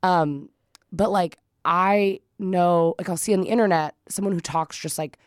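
A woman in casual podcast chat, rambling through quick restarts and fillers. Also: on the low side, smooth, no echo, studio quality. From California.

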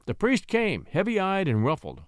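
A man narrating a classic short story with expressive storytelling. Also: high voice, a little slow, no room sound, clean studio sound. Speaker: audiobook narrator.

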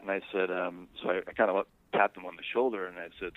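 A man's voice: deep voice, fairly even intonation, fast, no echo. A man telling a personal story to an interviewer in a rambling, conversational way, heard over a phone line. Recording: dry, tinny phone line.

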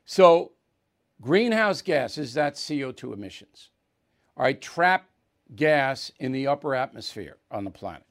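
A man's voice: medium pitch, sing-song, measured pace. A man hosting a political talk show, delivering an opinionated monologue in a conversational, emphatic way and checking in with the audience often. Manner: emphatic, conversational, asks "right?" and "okay?" often.

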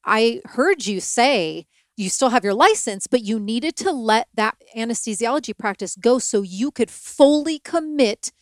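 A woman hosting a spiritual conversation, telling her story in an earnest, animated way. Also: fairly high pitch, unhurried, few pauses, dry recording. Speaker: podcast host.

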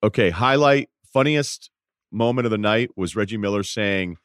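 Low-voiced man joking through sports talk. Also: moderate pace, fairly bright tone, smooth, no echo, studio quality. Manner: playful, riffs through mock bits with bursts of energy. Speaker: podcast guest, basketball analyst. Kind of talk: casual sports chat.

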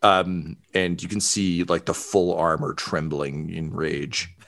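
A man's voice: low-pitched, steady tone, takes it slowly, fairly bright tone. A man narrating as game master of a tabletop game, casual with many fillers. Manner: casual, filler-heavy, laughing.

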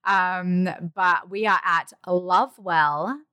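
A woman's voice: fairly low pitch, slow, bright, forceful tone, clean tone, dry recording. Bubbly, jokey woman co-host. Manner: bubbly, jokey, laughs between remarks. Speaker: podcast co-host. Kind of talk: casual chat.

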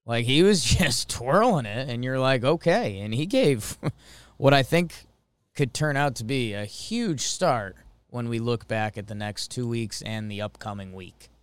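A man's voice: mid-range voice, measured pace, smooth, no echo. A man co-hosting a casual sports podcast, rattling off a jokey play-by-play game recap. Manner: excitable play-by-play delivery, jokey. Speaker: podcast co-host.

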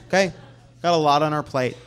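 A man hosting a comedy show, making an argumentative point that builds quickly. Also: a little high, clear, resonant tone. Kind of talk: comic commentary.

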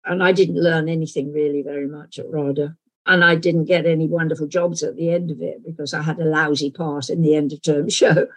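Older English actress, frank and wry. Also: female voice, sits low, little pitch movement, poor audio. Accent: London, softened toward received pronunciation. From England. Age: 80s. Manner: frank, wry, measured storytelling. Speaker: actress guest. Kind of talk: reflective interview conversation.

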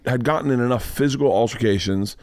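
A man hosting a podcast, telling a story in casual chat, profane and animated, acting out the people in it. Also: mid-range voice, quick pace, dry recording, studio quality. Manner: profane, animated storyteller who acts out voices. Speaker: podcast host.

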